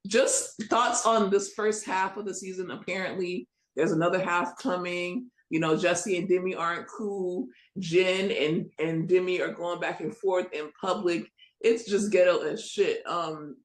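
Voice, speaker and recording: A woman hosting a casual TV recap chat, blunt and animated, steering the talk and prompting the others for their final thoughts. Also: fairly low pitch, unhurried. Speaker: podcast host. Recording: echoey room.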